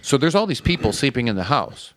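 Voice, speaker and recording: A man's voice: medium pitch, big pitch swings, a little fast, no room sound. A man from Connecticut telling a story as a podcast guest in casual, profane chat. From New Haven, Connecticut.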